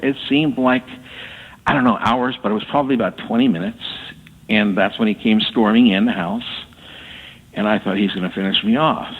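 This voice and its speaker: A man telling his story as a guest on a radio interview, halting and repeating words as he talks. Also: on the low side, husky. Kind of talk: casual storytelling. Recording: tinny phone line with long reverb.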